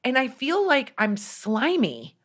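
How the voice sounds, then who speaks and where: A woman's voice: sits high, huge pitch swings, slow, a bit bright, husky. A woman hosting a podcast, chatting casually at a studio microphone in a rambling, self-deprecating way. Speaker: podcast host.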